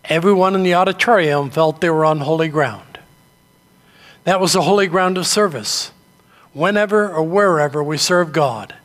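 An older man from New England preaching a sermon, telling stories in a measured, earnest way. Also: high voice, fairly bright tone, in a large hall. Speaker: pastor.

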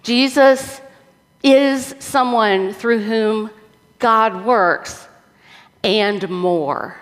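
A woman pastor delivers a sermon at a very slow, deliberate pace in a church. She mixes scripture and prayer with casual, humorous asides. Her voice rings with a long reverb from the sanctuary. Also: a little high.

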